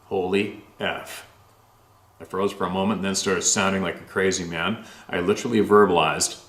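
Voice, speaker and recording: A man's voice: low-pitched, fairly even intonation, normal speed, a bit bright. Chatty man reading letters, echoey room. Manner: rambling, chatty, with many fillers and restarts. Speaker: host reading listener stories. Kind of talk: reading a listener's letter aloud, then casual commentary.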